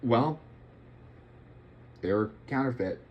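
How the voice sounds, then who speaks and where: This young streamer talks slowly and expressively in a mid-range voice as he plays a puzzle game late at night. He's rambling, jokey, and self-deprecating throughout. The sound quality is lo-fi.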